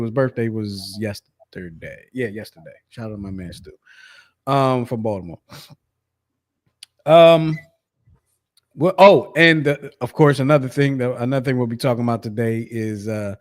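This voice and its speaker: A man's voice: mid-range voice, darkish tone. A man hosting a sports podcast in a loose, chatty way, with lots of fillers and restarts. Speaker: podcast host. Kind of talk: casual sports chat.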